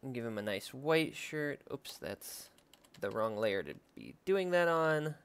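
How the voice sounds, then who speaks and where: A man's voice: mid-range voice, unhurried, clear, resonant tone. A young man chatting casually and thinking aloud as he draws for his vlog. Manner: relaxed, rambling, thinking aloud. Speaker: drawing vlogger. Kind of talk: casual chat while drawing.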